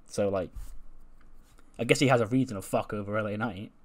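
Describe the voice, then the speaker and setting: A man's voice: on the low side, brisk. A man giving casual let's play commentary on a wrestling sim, chatty and laughing often. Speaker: gaming YouTuber.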